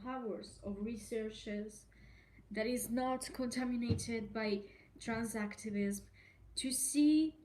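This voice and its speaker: A woman's voice: fairly high pitch, a little mellow, slight background noise. A woman hosting a solo podcast, talking in an indignant, emphatic way, swearing freely and repeating herself. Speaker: podcast host.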